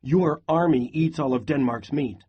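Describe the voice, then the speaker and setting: A husky-voiced man voicing a defiant young girl, raising his voice into a higher, pleading tone. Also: moderate pace, muffled recording. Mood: insolent. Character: defiant young Danish girl, quick-tongued.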